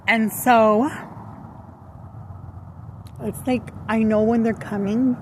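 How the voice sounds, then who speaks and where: A woman's voice: a little high, fairly even intonation, slow pace, darkish tone, slight background noise, poor audio. Profane woman venting. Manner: profane, blunt, switches into Spanish. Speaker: vlogger. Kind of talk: casual venting monologue.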